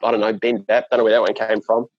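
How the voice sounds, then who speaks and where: A man's voice: on the low side, level tone, quick pace, no room sound, lo-fi sound. A man from New Zealand with a New Zealand accent, chatting as an interview guest in a rambling way, full of fillers and restarts. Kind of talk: casual chat.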